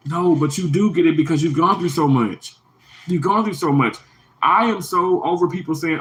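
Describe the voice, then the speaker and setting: On a rough recording, a man hosts an emotional livestream at a moderate pace, his voice a bit bright. He rambles heartfeltly to his viewers, repeats himself, and his pitch jumps high when he gets emphatic.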